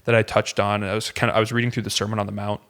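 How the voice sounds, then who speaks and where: A man's voice: on the low side, little pitch movement, rapid-fire, a bit bright, smooth. A man, a pastor, talking earnestly in casual conversation, with many fillers and restarts.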